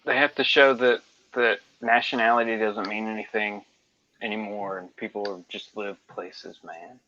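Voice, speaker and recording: A man's voice: lowish voice, fairly even intonation, moderate pace, sharp tone, dull audio, a little hiss or hum. A man co-hosting a casual fan podcast in a laid-back, joking way. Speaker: podcast co-host.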